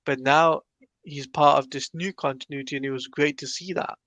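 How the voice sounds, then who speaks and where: This sleepy man is co-hosting a podcast and earnestly defending his view on continuity. His voice sits slightly high. It sounds dry and close, with no room sound. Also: fairly even intonation, normal speed, fairly bright tone, dry recording, muffled recording. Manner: earnest, insists on his points about continuity. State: sleepy, yawning early in the morning. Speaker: podcast co-host. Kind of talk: casual discussion of a comic-book film.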